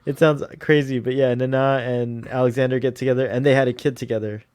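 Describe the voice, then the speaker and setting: A man's voice: mid-range voice, fairly even intonation, quick pace, darkish tone, smooth, dry recording. A man chatting casually as a guest on a fan commentary podcast, rambling and laughing often.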